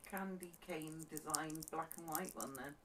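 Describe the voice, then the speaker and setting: A woman's voice: low voice, moderate pace, a bit bright, far from the mic. A woman co-hosting a live stream, reading out viewer comments and teasing the host. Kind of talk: casual live-stream chat.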